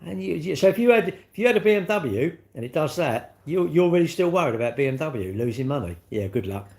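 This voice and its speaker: A man's voice: on the high side, sing-song, brisk, vocal fry, a little mellow. Chatty British man ranting on a livestream. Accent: British English. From United Kingdom. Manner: chatty, rambling, acts out little dialogues. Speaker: livestream host. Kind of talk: casual livestream chat.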